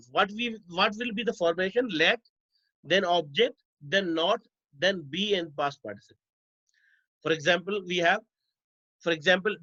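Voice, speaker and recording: A male teacher giving a grammar lesson. He repeats each example slowly, stretches his words, and often calls the class "dear students". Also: high voice, fairly bright tone, dry recording, muffled recording.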